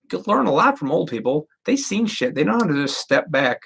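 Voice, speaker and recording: A man's voice: a little high, big pitch swings, fairly quick, gravelly, a bit bright, breathy edge. A man in his thirties rambling casually and profanely to viewers on a live stream. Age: 30s.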